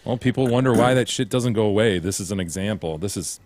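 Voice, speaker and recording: Deep-voiced blunt male podcast co-host. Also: quick pace, darkish tone. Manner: blunt, indignant, swears freely. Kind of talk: casual chat.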